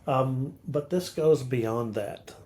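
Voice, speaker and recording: A man's voice: medium pitch, slow pace, darkish tone. An older man co-hosting a podcast, explaining poetic meter in a teacherly way and tapping out rhythms as he recites verse. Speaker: podcast co-host, literature scholar. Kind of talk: casual explanatory chat.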